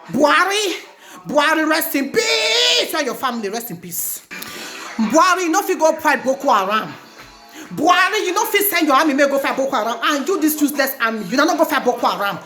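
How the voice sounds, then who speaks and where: A Nigerian woman living in Italy, ranting angrily and chanting slogans over and over in a protest vlog. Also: high voice. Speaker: vlogger. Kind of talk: angry protest rant. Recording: echoey room with music playing.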